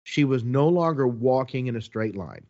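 A man telling a long story in a casual, animated way, quoting people as he goes. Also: mid-range voice, moderate pace, lo-fi sound.

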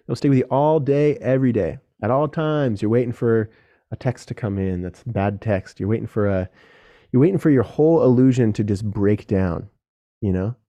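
A man's voice: on the low side, normal speed, dark tone. A young man hosting a solo podcast, talking earnestly and directly to other men, casual and with some swearing. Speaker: podcast host.

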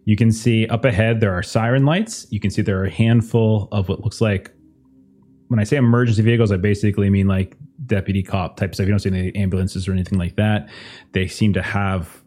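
A man's voice: lowish voice, fairly even intonation, a little fast, a little mellow. A man narrating as game master of a tabletop game, describing scenes loosely with many restarts and fillers.

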